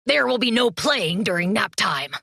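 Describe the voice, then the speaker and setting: A woman's voice: medium pitch, lively intonation, normal speed, gravelly, bright, forceful tone, no room sound, studio quality, heavily acted. A woman voicing a strict, grumbling male Cerberus head who scolds like a stern parent.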